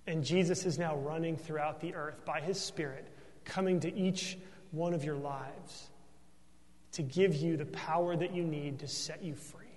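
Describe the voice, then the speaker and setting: Pastor guy preaching, keeps asking "right?", bit higher voice, echo hanging in a big hall. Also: fairly even intonation, unhurried, darkish tone. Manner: earnest, emphatic preaching with rhetorical "right?" asides. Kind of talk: sermon.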